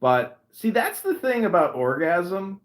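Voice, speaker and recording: A man's voice: high-pitched, very animated, measured pace, rough recording. Rambling, crude male podcast host. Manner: rambling, self-dramatizing and crude. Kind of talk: casual chat.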